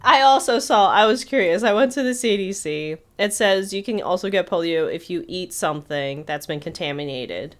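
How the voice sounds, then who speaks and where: A woman co-hosting a casual podcast, retelling a film plot with lively acted-out quotes. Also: on the low side, moderate pace, hardly any pauses. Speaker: podcast co-host.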